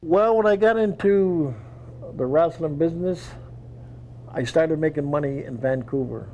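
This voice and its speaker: A man with a gravelly, dark voice, spinning folksy yarns from his life and playing every voice in the story himself. he talks in a relaxed way, with a faint hum behind him. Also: a little high, unhurried, low-quality recording. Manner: folksy, acts out quoted dialogue. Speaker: interviewed wrestler. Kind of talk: storytelling in an interview.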